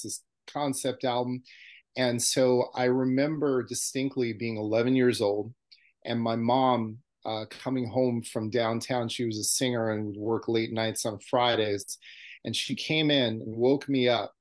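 A man in his fifties, from New York, telling a fan memory as a podcast guest in an excited, profane way. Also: medium pitch. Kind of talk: casual storytelling.

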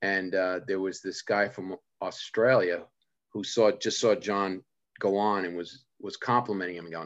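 A man hosting a podcast, chatting casually and telling rambling stories with quick asides. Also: deep voice, fairly even intonation, dull audio. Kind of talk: casual chat.

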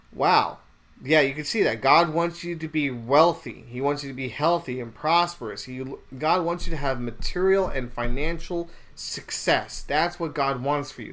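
A man's voice: on the high side, fairly bright tone. A man hosting a podcast, talking about faith in a rambling, indignant way with many restarts. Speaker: podcast host.

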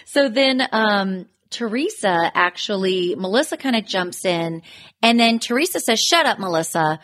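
Animated woman gossiping about reality TV. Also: medium pitch, a little slow. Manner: animated storytelling, acting out quotes, swears freely. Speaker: podcast co-host. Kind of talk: casual chat recapping reality TV.

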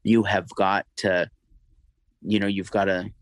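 A man recounting a personal story as an interview guest, halting and emotional, with many restarts and fillers. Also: low voice, flat delivery, dry recording, poor audio.

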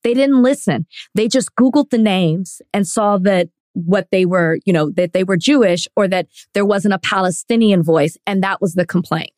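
A woman's voice: medium pitch, normal speed, hardly any pauses, darkish tone, dry recording. A woman co-hosting a podcast, talking in an earnest, impassioned way and close to tears at times. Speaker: podcast co-host. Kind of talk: casual podcast discussion.

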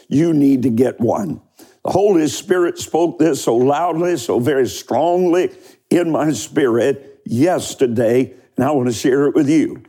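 A man preaching a sermon, fervent and emphatic, who stretches key words out slowly and leads the listeners in prayer. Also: mid-range voice, warm tone. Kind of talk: sermon with altar-call prayer.

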